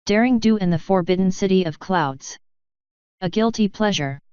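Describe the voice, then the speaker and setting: A woman's voice: medium pitch, lively intonation, normal speed, a little mellow, smooth, dry recording, lightly acted. A woman voicing a sinister, fanged female pony doppelganger with a honeyed, taunting manner, on a dull, dry recording.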